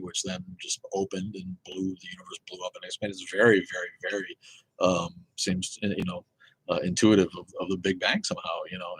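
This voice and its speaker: A man hosts a live atheist Q and A, his low, slightly bright voice carrying a breathy edge. He rambles casually, swears freely, and keeps restarting sentences, with plenty of fillers. The recording is dry and low in quality.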